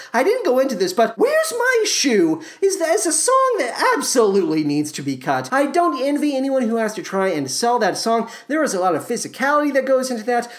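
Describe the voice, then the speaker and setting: A woman hosting a comedic podcast monologue, her pitch sitting a bit high. She swoops up and down with lively inflection. She rambles in a wry, irreverent way. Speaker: podcast host.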